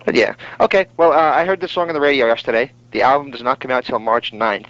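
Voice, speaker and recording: A man's voice: medium pitch, fast, a bit bright, no echo. A man with a New York accent, co-hosting a casual wrestling podcast and joking with his partner. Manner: joking, teasing. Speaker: podcast co-host. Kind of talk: casual chat. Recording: dry, muffled lo-fi audio.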